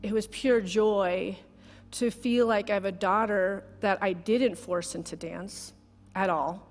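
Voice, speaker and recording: Speaking slowly and in a steady tone, a middle-aged woman with a mid-range voice gives a heartfelt sermon as a guest speaker. It's conversational and built around a personal story, and she's near tears. Her words echo with the long reverb of a large church sanctuary.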